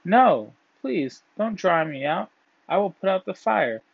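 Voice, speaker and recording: A man voicing frightened creatures and things, raising his voice high as they beg for mercy. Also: sing-song, measured pace, vocal fry, breathy edge, no echo, exaggerated voice. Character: frightened pleading stick, dog, lamb and grass. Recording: dull, dry, lo-fi.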